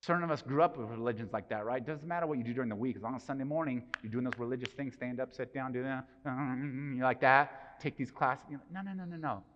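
A man's voice: medium pitch, fast talker, few pauses, a bit bright. A man preaching a sermon in a casual, conversational way, asking the congregation rhetorical questions. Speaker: pastor. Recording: dull sound with long hall reverb.

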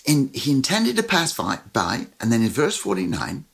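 Man preaching, husky, animated storytelling delivery. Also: medium pitch, moderate pace, hardly any pauses. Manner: animated, lively storytelling with sudden loud and soft turns. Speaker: pastor. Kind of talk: sermon.

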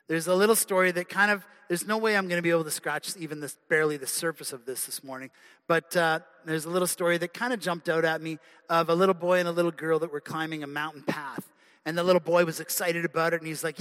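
A man's voice: on the high side, a little fast, a bit bright. A male preacher giving an earnest, conversational sermon in a church. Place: church sanctuary. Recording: long hall reverb.

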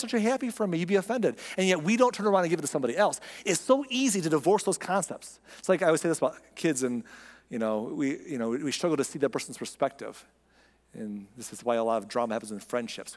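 A man preaching a sermon in a conversational way, often acting out imagined speakers. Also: a little high. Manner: conversational, acts out quoted voices. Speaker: pastor. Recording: long hall reverb.

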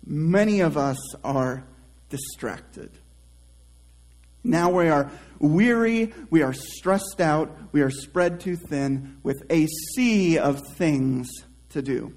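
Male pastor, slightly high voice, slow unhurried sermon delivery, soft trailing phrase ends, conversational asides. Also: lively intonation, low-quality recording. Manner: slow, reflective preaching with drawn-out soft phrase endings; conversational asides and self-restarts.

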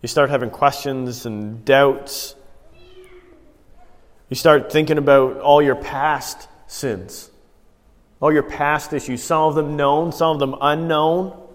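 A man's voice: a little high, fairly even intonation, takes it slowly. A man preaching a sermon, telling everyday stories in a conversational way and putting rhetorical questions to the congregation. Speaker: pastor. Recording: long hall reverb.

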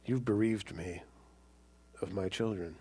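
A man voicing a bitter, self-pitying old father, low and gloomy. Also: moderate pace, darkish tone, slightly rough.

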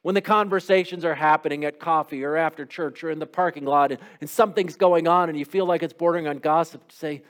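Man, middle-aged pastor, sermon, fairly high voice, conversational, rhetorical questions. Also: fairly even intonation, quick pace, few pauses, smooth.

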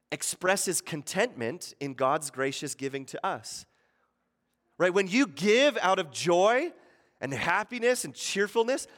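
Brief: fairly high-voiced man in his thirties, pastor giving a relaxed, conversational sermon with acted-out asides, recorded in a church with a long reverb tail. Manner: conversational, asks the room "right?" often; acts out quoted voices with sudden shifts in pitch and loudness.

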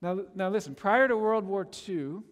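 Pastor, male, high voice, emphatic repetitive sermon delivery, reverberant sanctuary sound. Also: lively intonation, moderate pace. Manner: emphatic, repetitive preaching cadence.

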